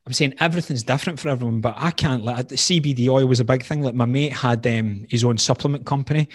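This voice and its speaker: A man's voice: mid-range voice, fast. A man in his thirties, a health coach, telling his story in conversation, earnest and open, with frequent "like" fillers. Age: 30s.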